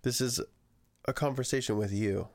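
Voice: medium pitch, moderate pace, a little mellow. A podcast co-host in casual chat who tells stories and swears casually.

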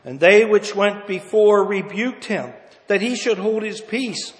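Guy preaching a sermon, pretty high voice, goes from quiet to shouting, big echoey hall. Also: unhurried. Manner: rises to loud impassioned cries, drops to hushed low lines; reads scripture in old-fashioned wording. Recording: long hall reverb.

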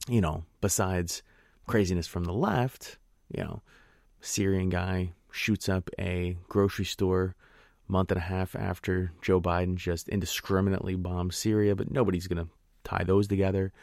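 A man's voice: lowish voice, creaky, warm tone, no echo, clean studio sound. A man from the northern United States hosting a political podcast, delivering an emphatic, indignant monologue with sarcastic asides. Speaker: podcast host.

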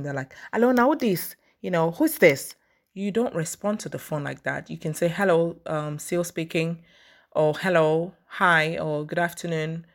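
A young woman from Cameroon talks to camera in a low, deep voice, telling a personal story and mixing in advice for job seekers. Her delivery is casual and animated, full of fillers and restarts, and she acts out phone calls as she goes. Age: young adult. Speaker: vlogger giving career advice.

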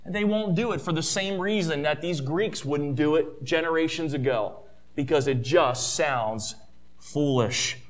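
A man preaching a sermon, animated, with slow drawn-out stresses and incredulous quoted voices. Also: on the high side. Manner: acts out quoted skeptics in an incredulous tone.

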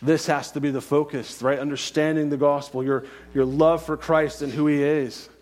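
A man's voice: fairly high pitch, level tone, normal speed, darkish tone, in a large hall. A man preaching a sermon as pastor, earnest and insistent, often asking "right?" and repeating phrases.

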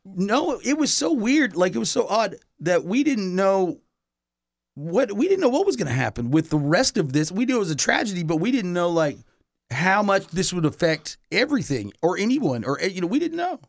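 A man's voice: sits high, very animated, moderate pace, creaky, no echo, studio quality. Rambling middle-aged man telling a story. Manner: rambling, filler-heavy, with restarts and a casual curse. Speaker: touring musician guest. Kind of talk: casual storytelling.

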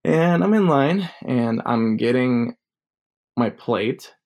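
A man's voice: medium pitch, expressive, slow, creaky, a little mellow. A man in his twenties telling a personal story casually, rambling with many fillers. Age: 20s.

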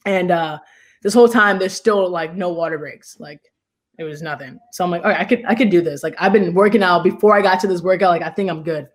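A woman's voice: on the low side, fast. A young woman, a basketball player, telling a story as an interview guest in a rambling, casual way, full of "like" and "you know".

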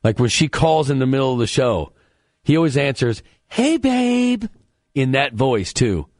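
A man hosts a sports talk radio show in a chatty, animated way, with a mid-range voice. He is close on a dry studio mic, and he jokes about his co-host between sports takes. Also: mid-range voice, moderate pace, no echo.

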